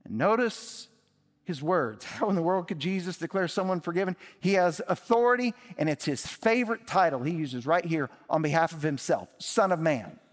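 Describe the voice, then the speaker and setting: A male pastor preaching in a church, his voice pitched a little above most men's. He talks emphatically, pushing lines up and then dropping them low. A long reverb trails behind him from the large sanctuary. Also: lively intonation, moderate pace. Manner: emphatic, rising and dropping for effect. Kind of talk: sermon.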